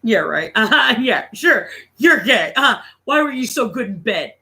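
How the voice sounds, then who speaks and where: A woman scoffs in sarcastic disbelief, as a man puts her on. Her voice runs high and bright with mocking uh-huhs. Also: sing-song, normal speed, exaggerated voice. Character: mocking woman laughing off a confession.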